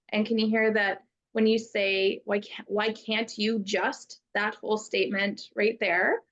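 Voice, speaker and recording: A woman's voice: mid-range voice, highs cut off. A woman youth educator talking casually and thoughtfully, acting out example phrases with frequent restarts. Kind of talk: casual conversational talk.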